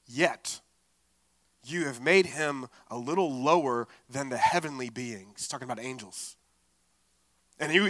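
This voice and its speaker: A man preaching a sermon, expressive and conversational, with casual asides. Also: high voice, no room sound. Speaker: pastor.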